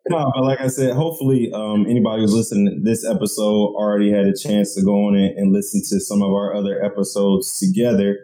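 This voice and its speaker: An American man co-hosting a podcast, easygoing and relaxed. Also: lowish voice, fast, hardly any pauses, low-quality recording. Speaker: co-host. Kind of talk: casual podcast chat.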